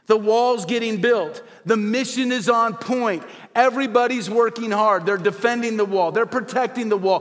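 Animated preacher man in a reverberant hall. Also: high voice. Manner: animated preaching, rhetorical questions to the audience. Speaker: pastor. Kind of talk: sermon. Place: church hall before a congregation.

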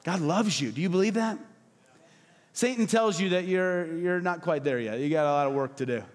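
A man preaching a passionate sermon as pastor, emphatic and repetitive, at times dropping to soft, low tones. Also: moderate pace, big-room sound. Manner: acts out quoted voices, drops to soft low tones. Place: church hall.

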